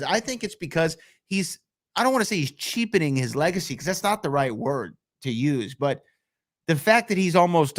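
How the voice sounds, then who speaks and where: A man with a fairly high voice, co-hosting a casual sports podcast. He thinks aloud and qualifies his opinions as he talks. The studio sound is dry and close. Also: no echo. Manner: talkative, thinks aloud with hedges. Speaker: podcast co-host. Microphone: studio microphone.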